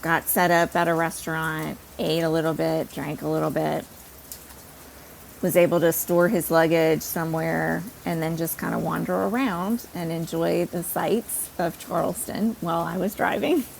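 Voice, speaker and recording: A woman podcast host telling a personal story in an animated, self-deprecating way. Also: low voice, moderate pace, gravelly, a little hiss or hum, low-quality recording.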